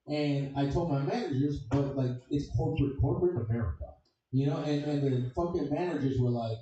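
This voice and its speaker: A man's voice: mid-range voice, a little fast, mellow, heavy reverb, far from the mic, highs cut off. A man from Chicago doing a crude, rambling stand-up comedy set, swearing constantly. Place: comedy club stage.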